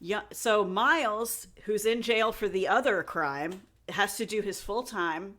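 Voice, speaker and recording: A woman's voice: medium pitch, a little slow. A woman co-hosting a podcast, telling a crime story in casual chat and acting out the people in it. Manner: animated, acts out quoted people in put-on voices. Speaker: podcast co-host.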